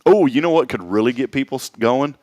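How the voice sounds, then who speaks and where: Guy hosting a morning show, goofy and animated, dry studio mic. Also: medium pitch, fast talker, no echo. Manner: playful, jokey, animated. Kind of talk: casual chat.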